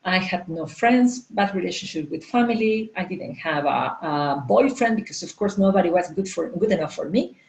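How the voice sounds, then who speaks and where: A woman in her forties, a coach and entrepreneur, telling a candid personal story at a live talk, halting with many fillers and restarts. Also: on the low side, lively intonation, creaky, darkish tone, echoey room, rough recording. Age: 40s.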